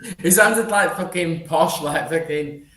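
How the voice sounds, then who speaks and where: A man chatting as a guest, halting and repeating himself as he thinks aloud. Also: a little high, a bit bright. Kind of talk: casual chat. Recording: roomy echo, faint ambience.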